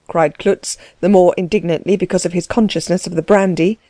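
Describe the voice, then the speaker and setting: Woman narrating a novel, warm dark tone. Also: lowish voice, steady tone, brisk, hardly any pauses, dry recording. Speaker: audiobook narrator. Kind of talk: scripted narration.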